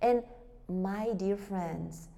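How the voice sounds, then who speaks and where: A woman teaching a church group about worship music, lively, asking rhetorical questions. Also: medium pitch, drawn-out words, vocal fry. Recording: long hall reverb.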